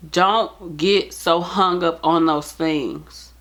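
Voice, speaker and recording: A nurse talking straight to camera, earnest and pleading in plain casual speech. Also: female voice, on the low side, steady tone, very slow, a bit bright. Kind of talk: heartfelt direct-to-camera talk.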